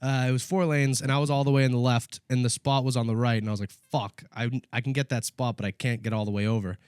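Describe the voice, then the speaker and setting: A man co-hosting a casual comedy podcast, laughing often and shouting mock-angry bits as he tells stories. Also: medium pitch, fairly even intonation, fast talker, clean tone, dry recording, clean studio sound. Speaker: podcast co-host.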